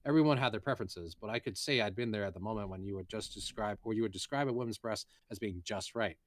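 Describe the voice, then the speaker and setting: A man's voice: fairly low pitch, fast talker, no room sound. A man, a voice actor, reading a light novel aloud in a casual way, with muttered asides and self-corrections.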